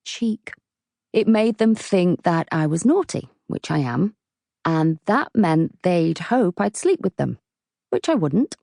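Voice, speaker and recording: Low, gravelly woman reading a novel. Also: big pitch swings, takes it slowly, warm tone, no room sound, studio quality. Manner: cheeky, wry storytelling. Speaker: audiobook narrator. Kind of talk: first-person audiobook narration.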